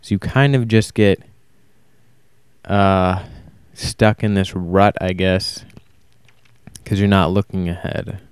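A man talking alone in a casual, rambling monologue, flat and self-described as monotone, often stopping to correct himself. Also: low voice, slow pace, pauses often, clean tone, no room sound. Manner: casual, swears. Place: warm indoor room.

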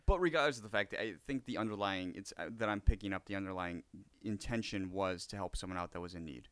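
A man co-hosting a podcast, chiming in with quick, chatty remarks in a casual conversation. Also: deep voice, fairly bright tone, clean tone, no room sound. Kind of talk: casual chat.

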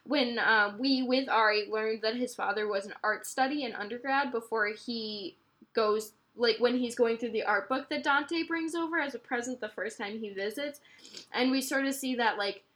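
High, bright, teary young woman. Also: normal speed. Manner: chatty, many "like"s. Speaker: podcast co-host. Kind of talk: casual book-discussion podcast.

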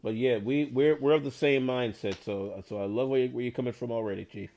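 A man hosts an online hockey league show in a casual, chatty way. He is enthusiastic and rambles, with many fillers and repeated words. His voice sits at a middle pitch. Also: fairly quick, darkish tone.

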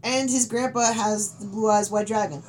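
A young woman in casual chat, teasing her friend with quick comebacks and frequent laughs. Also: mid-range voice, steady tone, darkish tone, a little hiss or hum, low-quality recording.

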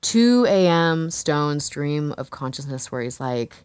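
A woman's voice: low voice, lively intonation, slow pace, a little mellow, clear, resonant tone, no room sound. A woman who works as an exotic dancer, telling a story frankly and casually, swearing, laughing often and filling with "like" and "you know". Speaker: exotic dancer, interview guest.

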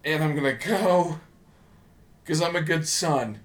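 A man co-hosting a podcast launches into a casual comedic rant, sarcastic and increasingly worked up, with plenty of swearing. His voice is a little high and a little slow.

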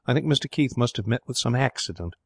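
A man's voice: medium pitch, lively intonation, quick pace, gravelly, dry recording, voice pushed up. A man voicing a respectful, unflappable manservant who speaks politely and deferentially.

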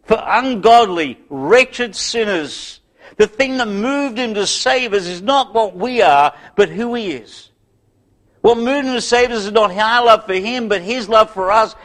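A man's voice: sits high, animated, unhurried. Emphatic preacher man, rising and falling. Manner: builds to loud emphatic peaks, then drops to hushed, soft closing prayer; old-fashioned biblical phrasing. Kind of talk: sermon.

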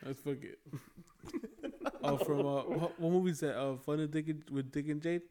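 High-voiced joking man. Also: fairly even intonation, normal speed, crowd noise. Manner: joking, profane. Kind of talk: casual chat.

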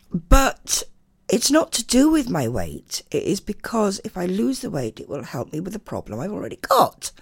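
An older woman hosting a radio show, chatting casually and reading listener messages, her voice a bit hoarse from a chest infection. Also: dry recording, clean studio sound. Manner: chatty and animated, swooping pitch. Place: radio studio.

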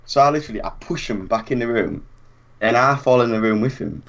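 A young man telling an animated anecdote in casual chat, acting out what people said and laughing often. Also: medium pitch, brisk, gravelly. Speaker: storyteller. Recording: dull lo-fi recording.

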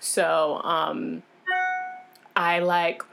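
A woman's voice: sits low, very slow, vocal fry, over music. A woman guest in an interview, frankly and emotionally retelling a personal experience in casual talk, full of fillers and restarts. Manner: animated, acts out others' lines in changed voices.

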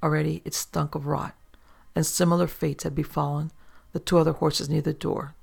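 A man narrating a first-person horror story in a low, hushed way. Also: flat delivery, moderate pace, vocal fry, slightly rough.

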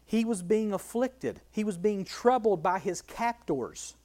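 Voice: medium pitch, expressive, unhurried, a little mellow. Bible study teacher; emphatic, repetitive delivery, rhetorical questions, walks through a verse line by line. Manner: emphatic, repeats key phrases, asks rhetorical questions.

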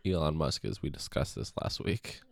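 A man co-hosting a podcast, cracking blunt, crude jokes in a deadpan way. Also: extremely low pitch, moderate pace, gravelly. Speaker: podcast co-host. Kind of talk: casual chat.

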